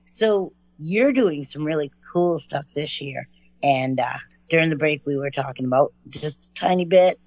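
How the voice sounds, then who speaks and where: A woman's voice: low voice, moderate pace, darkish tone, no echo. A woman hosting an interview show, upbeat and encouraging toward her guest, on a dry, dull lo-fi recording. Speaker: show host. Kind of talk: casual interview chat.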